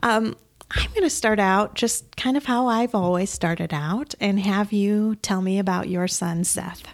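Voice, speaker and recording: Gentle woman hosting a podcast. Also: mid-range voice, a little slow, no room sound, studio quality. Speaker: podcast host. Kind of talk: interview podcast.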